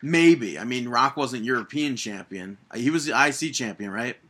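Young male podcast co-host, bright voice, opinionated and exasperated recapping. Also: mid-range voice, expressive, normal speed. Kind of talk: casual wrestling podcast chat.

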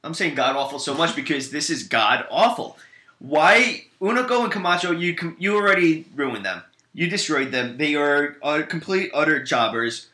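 A man co-hosting a casual podcast, talking bluntly and brushing off opinions he disagrees with. His voice is bright and forward. The room around him is echoey. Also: on the high side, lively intonation, moderate pace. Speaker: podcast co-host. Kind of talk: casual wrestling chat.

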